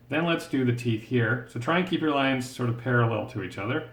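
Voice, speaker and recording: A man's voice: mid-range voice, fairly quick, few pauses, fairly bright tone. A man teaching a step-by-step drawing lesson, patient and encouraging, talking through each stroke as he draws. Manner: patient, encouraging, thinks aloud while drawing. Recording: roomy echo.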